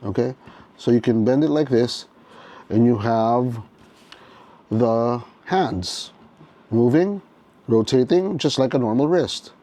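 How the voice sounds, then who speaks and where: Here a man reviewing a toy speaks in a medium-pitched, dark-toned voice, unboxing it casually while narrating his thoughts. Frequent restarts and little "okay?" check-ins pepper his obviously excited commentary.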